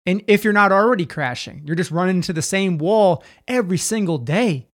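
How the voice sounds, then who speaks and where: Guy fairly high voice, cussing a lot, super intense telling his story. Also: animated, fairly quick. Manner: intense, swears freely, emphatic repetition. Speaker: podcast guest, healer. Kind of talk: candid storytelling.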